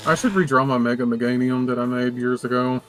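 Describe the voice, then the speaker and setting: A man's voice: mid-range voice, steady tone, quick pace, fairly bright tone. Teasing male friend chiming in. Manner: joking, teasing interjections.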